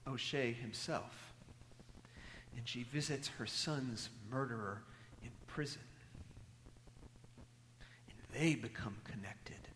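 A man delivers a sermon as a storyteller, his voice at an ordinary middle pitch. He pushes some lines out loudly and lets others fall to a near-whisper. A long reverb hangs on his words, as if from a large church. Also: slight background noise. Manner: storytelling, swings from loud emphasis to hushed near-whispers. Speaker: preacher.

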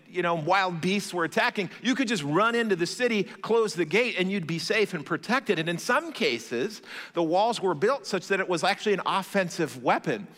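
Animated pastor with bright voice in hall. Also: male voice, sits high. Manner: conversational, animated, self-deprecating humor. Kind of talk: sermon with storytelling. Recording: long hall reverb.

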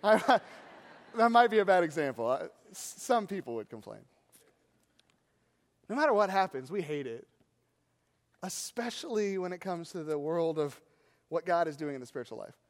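A man preaching a sermon as pastor, animated and full of rhetorical questions. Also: a little high, normal speed, pauses often, in a large hall.

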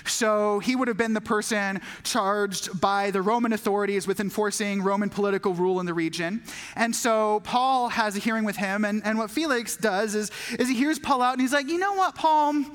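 A woman's voice: mid-range voice, moderate pace. Jokey storytelling woman preacher. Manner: animated, jokey storytelling with acted-out voices. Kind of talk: sermon. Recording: long hall reverb.

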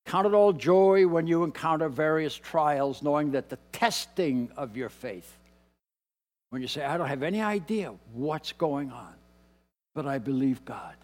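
A man preaching a sermon as pastor, moving between quiet, dropped asides and loud, emphatic lines. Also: on the high side, a little slow. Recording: long hall reverb.

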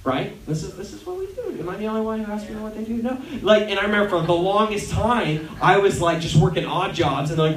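A man preaching a casual, animated sermon and acting out other people's voices. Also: sits high, fast, few pauses. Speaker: pastor. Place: church hall. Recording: echoey church hall from far off, faint hiss.

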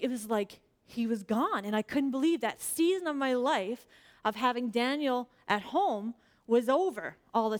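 A woman in her forties giving a personal, chatty sermon at church, earnest and storytelling, with lots of "like" fillers. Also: fairly high pitch. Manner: frequent fillers like "like". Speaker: church speaker.

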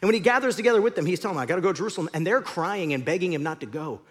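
A man preaching a sermon as pastor, in an animated, conversational storytelling way. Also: high voice, very fast.

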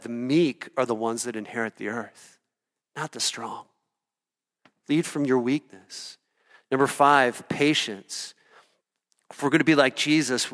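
Preaching man in a reverberant hall. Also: medium pitch. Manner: earnest, animated storytelling with audience asides. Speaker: pastor. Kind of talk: sermon.

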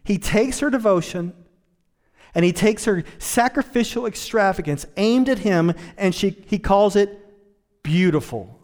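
A man delivering a sermon as a pastor, dropping to quiet asides and rising to loud, emphatic points. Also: lively intonation, a little slow, long reverb tail. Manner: swells from low, quiet asides to high, emphatic preaching.

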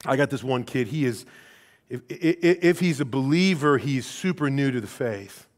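A middle-aged man preaching a sermon in a casual, animated storytelling way, dropping to quiet asides and rising for emphasis. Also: medium pitch, normal speed. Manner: conversational, casual phrasing with restarts.

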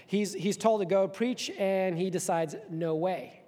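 A man preaching a sermon as a pastor, telling a story in an animated, conversational way with asides to the congregation. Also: high voice, unhurried, long reverb tail.

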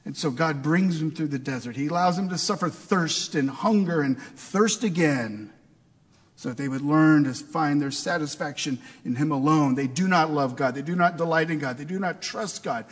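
A man's voice: fairly high pitch, normal speed, slightly rough, long reverb tail. A man preaching a sermon in a conversational way, asking his listeners rhetorical questions. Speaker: pastor.

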